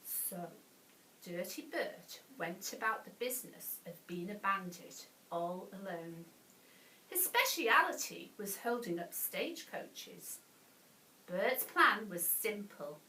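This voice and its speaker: A woman reading a bedtime story to children, animated, with gasps and playful asides. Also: medium pitch, slow pace, far from the mic, slight background noise. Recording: echoey room, voice off-mic.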